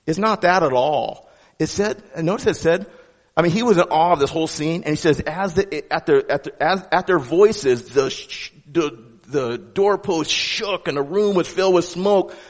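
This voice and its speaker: A man giving a sermon as pastor, with a conversational, animated delivery and frequent restarts. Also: fairly high pitch, moderate pace, long reverb tail.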